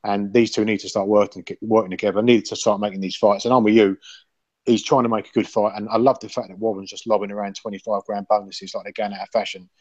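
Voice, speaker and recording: A man's voice: fairly low pitch, little pitch movement, quick pace, darkish tone, no echo. A man hosting a casual podcast panel chat, rambling and opinionated and swearing freely. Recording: dull lo-fi sound.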